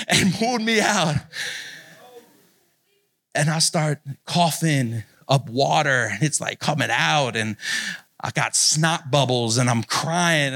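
A man preaching at a youth retreat, telling a childhood story with animated energy and dropping low and slow when he makes his point. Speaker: pastor. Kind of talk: sermon with personal story.

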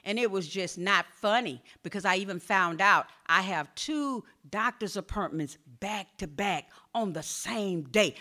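A middle-aged woman pastor, preaching a sermon that moves between quiet storytelling and shouted exhortation. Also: medium pitch, unhurried, hardly any pauses.

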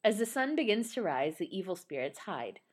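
A woman's voice: medium pitch, very animated, a little fast, breathy edge. A woman in casual chat who reads a ballet synopsis aloud, often laughing and stumbling over unfamiliar names. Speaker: podcast co-host.

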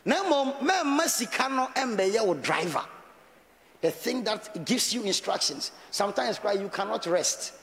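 A man's voice: high-pitched, big pitch swings, unhurried, vocal fry, fairly bright tone, big-room sound. A man with a Ghanaian accent preaching a sermon as pastor, talking conversationally and mixing Twi with English.

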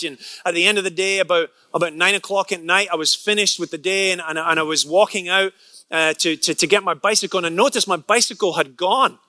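A man with a high, bright, ringing voice preaches a sermon built around a personal story. He tends to repeat words as he builds toward a point and slips into quick character voices for what others said. The sound is close and dry, with no room around it. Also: no room sound. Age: adult, past college age. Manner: storytelling, repeats words when excited, acts out quotes.

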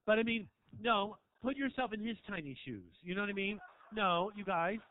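A man's voice: high voice, animated, normal speed, narrow, tinny audio. A man doing a stand-up set in a small club, rambling provocatively and teasing the audience. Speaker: stand-up comedian. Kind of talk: stand-up set, crowd work. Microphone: handheld stage mic.

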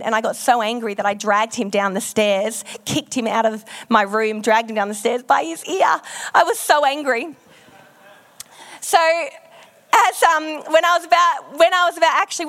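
A woman's voice: a little high, fairly bright tone. A woman pastor preaching a sermon, telling frank, self-deprecating stories in a loose, conversational way with plenty of ums and likes.

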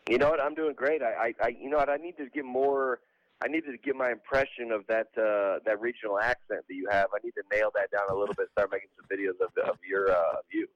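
A man's voice: lowish voice, steady tone, quick pace, dry recording, muffled recording. A man from Georgia, a comedian guest, chatting loosely in an interview over a remote line. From Georgia, USA. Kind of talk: casual phone-in interview.

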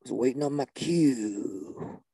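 A man playing a spaced-out, deadpan male shaman guitarist who drawls mystical non sequiturs in a gravelly, husky voice. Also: medium pitch, takes it slowly, no echo, exaggerated voice.

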